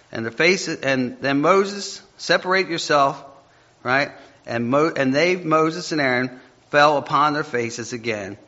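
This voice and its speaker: On a dull lo-fi recording, a man with a high-leaning, bright and forceful voice delivers a conversational sermon as a preacher. He's chatty and pokes fun at himself, tripping over the scripture he reads aloud.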